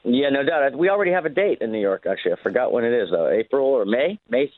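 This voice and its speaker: Relaxed middle-aged man on a phone line. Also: medium pitch, fast, dry recording. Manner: relaxed, rambling storyteller. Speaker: guest musician calling in. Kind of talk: casual interview chat. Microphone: phone call.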